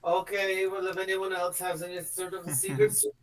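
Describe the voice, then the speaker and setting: Joking male player, casual chat, slightly high voice, off-mic. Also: sing-song, distant mic, rough recording. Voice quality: quick, joking and frequently laughing. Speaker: tabletop game player.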